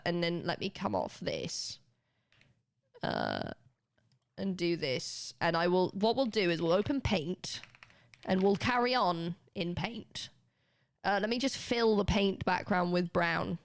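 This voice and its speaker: A woman's voice: lowish voice, sing-song, unhurried, vocal fry. A British woman streaming live, chatting casually and laughing often as she teaches a spelling lesson to her viewers.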